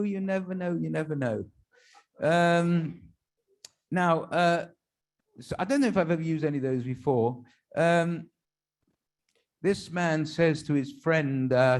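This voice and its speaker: His voice sits a little high, and he takes his time, leaving long pauses. The rabbi delivers a series of jokes to his congregation stand-up style, with casual, self-deprecating asides between the punchlines.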